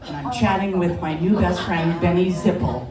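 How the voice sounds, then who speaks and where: A woman's voice: fairly low pitch, normal speed, a crowd in the background. A woman telling a personal story at a live story slam, conversational and often laughing. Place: bar lounge stage. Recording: echoey lounge, distant mic, background noise.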